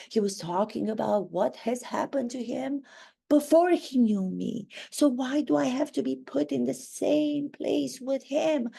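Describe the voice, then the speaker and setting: A woman playing a vain, self-pitying duchess in a satirical monologue, indignant and self-praising with dramatic pauses. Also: fairly high pitch, vocal fry, warm tone, slightly rough, full character voice.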